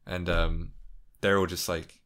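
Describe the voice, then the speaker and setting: A man's voice: sits low, level tone, measured pace, fairly bright tone. A young man in a casual interview, rambling, laughing often and swearing freely. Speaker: YouTuber guest.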